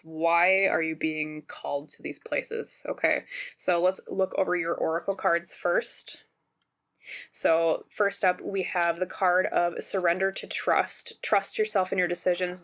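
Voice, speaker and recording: A woman with a lowish, somewhat bright voice and a Minnesotan accent, originally from Minnesota, runs a relaxed pick-a-card tarot reading on her channel. She rambles chattily and often checks in with viewers using "okay?" and "right?"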